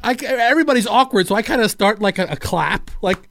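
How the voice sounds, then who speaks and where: Animated male radio co-host. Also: high-pitched, quick pace, creaky, slight background noise. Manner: animated storyteller acting out quoted people. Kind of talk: storytelling on a morning radio show. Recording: dry studio sound.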